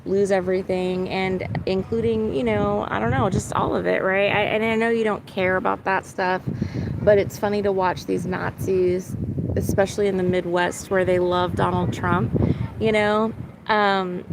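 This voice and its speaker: Gravelly-voiced woman rambling outdoors. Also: medium pitch, level tone, moderate pace. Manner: meandering, frequent "right?" and "like" tags. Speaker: vlogger. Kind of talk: casual rambling monologue. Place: outdoors near boats and birds. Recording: outdoor recording with loud traffic noise.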